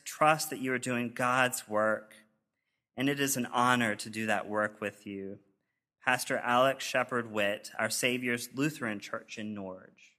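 A male pastor giving a sermon, reading letters of support aloud in an earnest, measured way. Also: medium pitch, bright, forceful tone. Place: church sanctuary.

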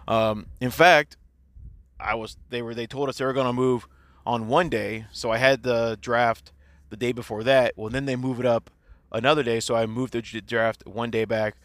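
A man's voice: mid-range voice, fairly even intonation, normal speed, dry recording. A man in his forties, a teacher, talking casually and candidly in a personal audio diary, rambling and swearing freely.

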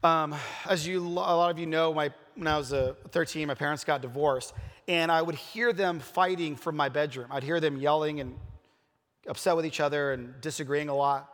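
A man's voice: on the high side, fairly even intonation, normal speed, a bit bright. A man preaching a casual, conversational sermon, telling personal stories in an earnest way with many fillers and restarts. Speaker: pastor. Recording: long reverb of a large hall.

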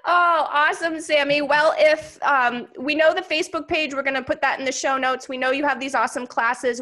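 A woman's voice: sits high, brisk, few pauses. A woman hosting a podcast, chatting casually and telling stories with enthusiasm. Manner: enthusiastic, animated storyteller. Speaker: podcast host.

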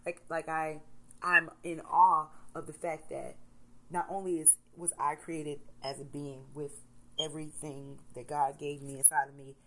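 A woman in her thirties, a mother, talking candidly to camera in a casual motivational vlog, swinging between soft reflection and loud emphasis. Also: sits low, little pitch movement, a little slow, rough recording. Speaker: vlogger, mother.

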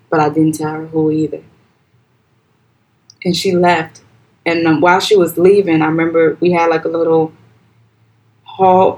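A young woman from Liberia with a Liberian accent, recounting a painful personal story as a podcast guest in a soft, halting, hesitant way. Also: creaky, a little hiss or hum, rough recording. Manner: soft, halting and hesitant, with quoted voices raised high and loud.

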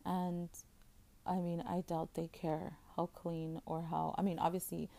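A woman's voice: lowish voice, level tone, measured pace, vocal fry, dark tone. A woman in her thirties hosting a podcast, talking in a rambling, casual way with many fillers and restarts, openly emotional. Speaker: podcast host. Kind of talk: casual chat.

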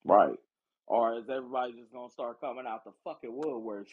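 Man, podcast co-host, husky voice, loose and blunt, swears a lot, dull lo-fi sound. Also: medium pitch, steady tone, fairly quick. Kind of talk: casual chat.

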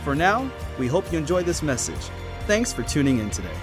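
Lively male announcer over music. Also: a little high, fairly quick. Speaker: ministry announcer. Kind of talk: scripted announcement.

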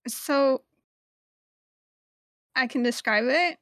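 A woman's voice: high-pitched, extremely slow, fairly bright tone, dry recording, studio quality. A woman playing a tabletop role-playing game for the first time, unsure and apologetic as she asks about the rules. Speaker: new player. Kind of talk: casual tabletop gaming chat.

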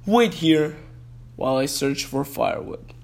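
A man's voice: on the high side, lively intonation, a little slow, vocal fry, darkish tone, voice pushed down. A man doing a weary, guilty father. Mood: sorrowful. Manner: groaning, sorrowful.

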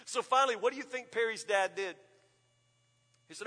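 A man's voice: high voice, moderate pace, long pauses, sharp tone. A man preaching a sermon as pastor, emphatic and repetitive, often asking the congregation questions. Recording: long reverb of a large hall.

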